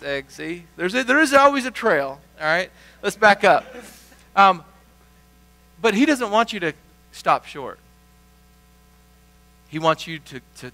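A middle-aged pastor with a high, ringing voice delivers a sermon. He wanders into folksy asides, then drives his point home with repeated, emphatic phrases. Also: sharp tone. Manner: rambling, folksy asides, building to emphatic repetition.

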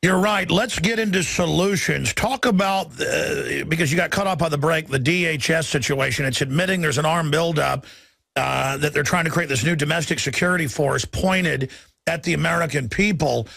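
A middle-aged talk radio host pushes his points in an urgent, indignant rush. His voice is gravelly and slightly high, recorded close and dry. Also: fairly bright tone, dry recording. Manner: urgent, rapid-fire, indignant.

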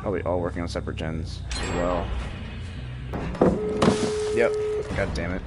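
A young man giving live commentary on his own gameplay, muttering under his breath one moment and yelling out the next. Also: low voice, normal speed. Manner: excitable, swings between mutters and loud outbursts. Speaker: streamer. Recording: loud game music underneath.

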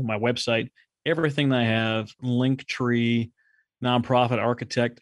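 In a dry recording, a man with a mid-range voice chats casually as a podcast guest. He's a nonprofit consultant who talks directly, full of enthusiasm and stories, in a relaxed interview.

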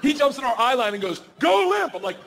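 A male comedian telling a wild story on stage, loud and animated, breaking into shouts. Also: very high-pitched, rapid-fire, noisy background.

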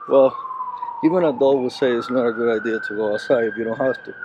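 A man's voice: medium pitch, quick pace, muffled recording, noisy background. A young man, a new father, talking casually to camera in a rambling way, thinking aloud in loose sentences. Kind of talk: casual vlog talk to camera.

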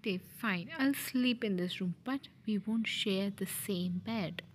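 A woman's voice: mid-range voice, takes it slowly, slight background noise, lightly acted. A woman voicing a sassy, defiant young man held captive in a fan audio drama.

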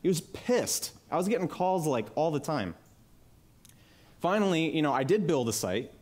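A man in his twenties tells his story to a live audience at a conference, talking into a headset mic. His delivery is casual and animated, and he acts out the voices of the people he quotes. His voice sits a little high for a man. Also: moderate pace. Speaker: conference speaker. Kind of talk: personal storytelling talk. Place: talk venue with live audience.

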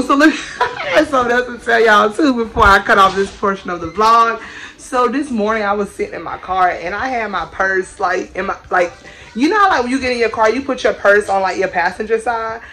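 A young woman chatting casually to her viewers in a vlog, playful and quick to laugh. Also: mid-range voice, lively intonation, rough recording. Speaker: vlogger.

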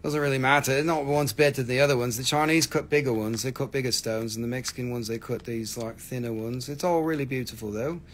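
A man's voice: medium pitch, quick pace, hardly any pauses, slight background noise. A man hosting a live rock and mineral sale, chatting casually and easily as he shows stones. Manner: relaxed, chatty, easygoing. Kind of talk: casual live-stream selling.

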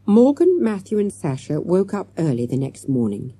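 Woman, storybook narration, husky, lively pitch, dry close sound. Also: moderate pace, no room sound. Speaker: audiobook narrator.

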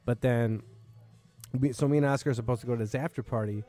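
A man's voice: medium pitch, steady tone, quick pace, mellow, faint music behind. A man hosting a podcast in a bar, a comedian telling a long, rambling, profane story in casual chat.

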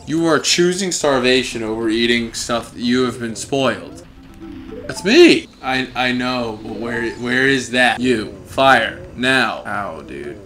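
A man's voice: mid-range voice, unhurried, sharp tone, soft background music. A young man giving sarcastic, exasperated commentary while playing a video game. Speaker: let's play host. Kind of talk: gameplay commentary.

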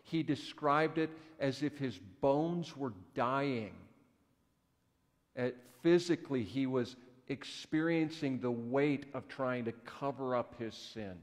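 A man's voice: mid-range voice, slow pace. A man who is a pastor, telling a story in a conversational, folksy sermon in a church. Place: church sanctuary. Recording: echoey church hall.

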